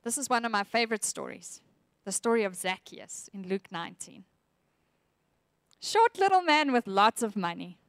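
A woman's voice: fairly high pitch, lively intonation, normal speed, no echo, studio quality. A woman preaching a sermon, earnest and reflective, reading scripture aloud with feeling.

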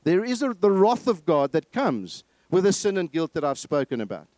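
High-voiced man preaching a sermon. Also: big pitch swings, moderate pace, a little mellow, no echo. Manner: earnest storytelling with repeated phrases. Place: church.

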